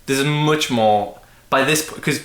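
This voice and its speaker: A man's voice: medium pitch, a little slow, fairly bright tone. A young man hosting a casual music podcast, thinking aloud with frequent restarts and fillers. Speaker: podcast host. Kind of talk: casual chat. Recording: roomy echo.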